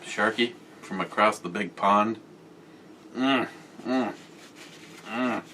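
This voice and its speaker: A man's voice: fairly low pitch, slow pace, bright, forceful tone, far from the mic, a little hiss or hum. A man on a casual beer-review vlog reads out viewer comments with crude, joking humor and a lot of swearing.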